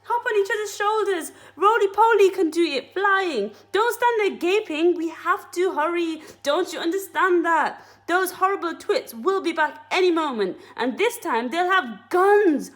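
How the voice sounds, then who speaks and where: A woman voicing an excited, bossy male monkey father who shouts urgent orders at everyone. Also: high-pitched, unhurried, pitched above the performer's own voice, full character voice. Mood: frantic shouting.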